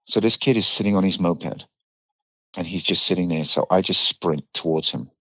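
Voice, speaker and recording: A man's voice: low-pitched, normal speed, a bit bright, no room sound. A middle-aged man from the United Kingdom with a British accent, a podcast guest telling a story bluntly and vividly, swearing freely. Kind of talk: candid storytelling in a podcast interview. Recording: slightly dull dry recording.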